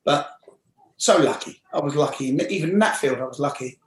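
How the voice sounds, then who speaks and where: Animated London man telling stories. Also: fairly high pitch, fairly quick, reverberant, low-quality recording. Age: 40s. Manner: animated, acts out quoted voices. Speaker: interview guest, former footballer. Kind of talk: casual storytelling.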